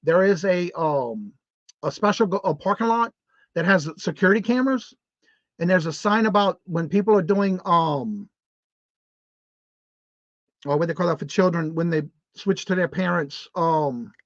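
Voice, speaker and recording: A man's voice: high-pitched, expressive, normal speed, long pauses, no room sound. Chatty man hosting a livestream. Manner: chatty, upbeat, rambling with restarts. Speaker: host of a morning live show. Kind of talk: casual live-stream chat, reading viewer comments aloud. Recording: dull, muffled lo-fi stream audio.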